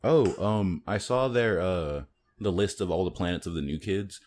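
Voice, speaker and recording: A man co-hosting a podcast in casual chat, laughing often and talking in a relaxed way. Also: low voice, moderate pace. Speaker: podcast co-host.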